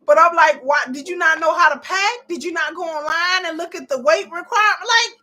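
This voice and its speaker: A woman's voice: very high voice, brisk, bright, forceful tone. A woman in her forties recapping a reality show, blunt and profane, exasperated and repeating herself when riled. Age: 40s. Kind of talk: casual live episode commentary.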